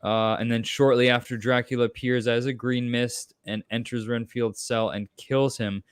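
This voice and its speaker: Guy chatting loosely about a film, smooth clear voice, dry close mic. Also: medium pitch, little pitch movement, moderate pace, no room sound. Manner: rambling, frequent fillers and restarts. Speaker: podcast host. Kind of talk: casual movie discussion.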